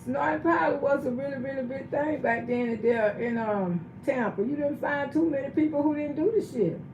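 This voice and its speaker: A woman's voice: sits high, normal speed, echoey room, background noise. A middle-aged woman, telling blunt stories on a casual livestream and asking her viewers questions. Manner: blunt, chatty, asks the audience questions. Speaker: livestream host.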